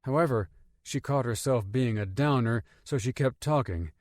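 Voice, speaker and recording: A man narrating an audiobook in an expressive storytelling manner, close to the mic. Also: medium pitch, moderate pace, no room sound. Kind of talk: scripted narration.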